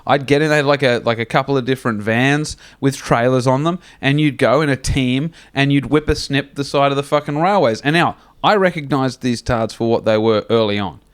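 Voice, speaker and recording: A man's voice: mid-range voice, brisk, few pauses, clear, resonant tone. A man, telling a profane comic story on a podcast. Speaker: podcast co-host. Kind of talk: casual comedic storytelling.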